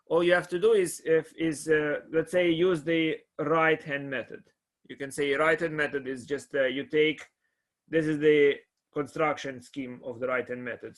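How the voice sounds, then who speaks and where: A man's voice: mid-range voice, fairly bright tone. A middle-aged man from Russia giving a calculus lecture in a conversational way, often checking that students follow. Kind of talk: classroom lecture.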